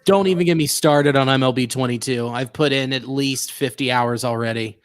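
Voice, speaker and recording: A man's voice: medium pitch, a little fast, clear, resonant tone, faint music behind. A man guesting on a casual podcast as a comedian, laid-back and easygoing. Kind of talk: casual chat.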